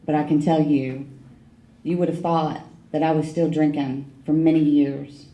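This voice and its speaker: A woman's voice: low-pitched, level tone, a little slow, muffled recording. A middle-aged woman sharing her recovery story at a meeting, frank and wry, with emotional emphasis. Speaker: AA speaker. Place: meeting hall. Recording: echoey meeting room.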